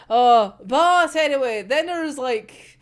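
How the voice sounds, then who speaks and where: Woman, anime recap vlog, giggly, swears a lot, animated, somewhat high. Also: slow pace. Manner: giggly, swears freely, acts out quotes. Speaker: anime discussion vlogger. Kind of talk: casual episode recap.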